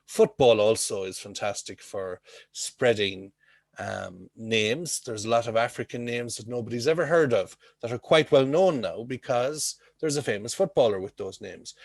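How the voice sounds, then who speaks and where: A man's voice: lowish voice, no echo. A man teaching an English class over a video call, explaining with homely comparisons and checking in with frequent "okay?".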